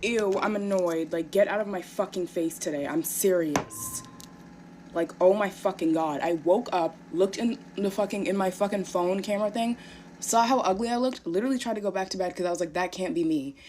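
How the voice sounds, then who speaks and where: A woman's voice: mid-range voice, fairly quick, a little mellow, a little hiss or hum. A young woman ranting casually to camera, irritated and dramatic, swearing often. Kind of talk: casual vlog rant.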